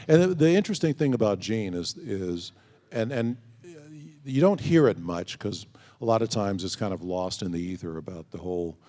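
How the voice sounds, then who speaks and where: Deep and mellow, this convention panel guest responds to fans through anecdotes, acting out the dialogue he quotes. The recording carries the long reverb of a large convention hall.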